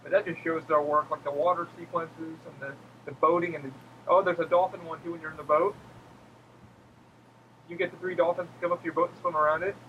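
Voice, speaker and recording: A man's voice: fast talker, highs cut off, a little hiss or hum. A man on a casual gaming podcast, telling stories animatedly and acting out quotes in squealing voices, swearing freely. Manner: animated storyteller who acts out quotes in squealing high voices, swears a lot. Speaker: podcast co-host.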